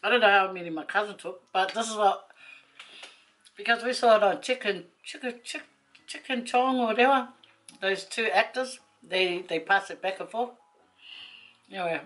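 A woman, a vlogger telling a rambling personal story to camera, chatty and quick to laugh. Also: mid-range voice, a bit bright, rough recording.

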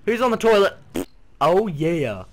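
A man's voice: high-pitched, measured pace. A man giving loose let's play commentary over a horror game, swearing, yelping at scares and humming along while he plays. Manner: excitable, swearing, yelps and shouts at scares; sings and hums to himself while playing. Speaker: gaming video creator.

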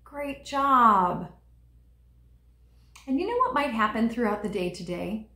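A woman leading a children's liturgy, teaching young kids in a gentle, encouraging way and speaking right to them. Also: on the high side, big pitch swings, slow pace, roomy sound, faint music behind.

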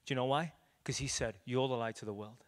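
A man's voice: medium pitch, fairly even intonation, quick pace. A man, an evangelist preaching a storytelling sermon to a room, animatedly acting out the dialogue in his stories. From Liverpool, England. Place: church meeting room with audience.

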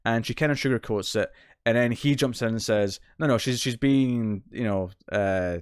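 A man's voice: mid-range voice, moderate pace, clear, resonant tone, no room sound, clean studio sound. A British man co-hosting a TV recap podcast, retelling plot details in a rambling, casual way with many restarts. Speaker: podcast co-host.

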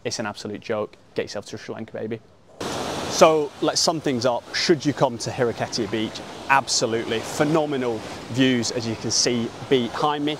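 A man's voice: medium pitch, steady tone, a little fast, background noise. A young man, a travel vlogger, talking casually and upbeat, with lots of slang, outdoors by a beach.

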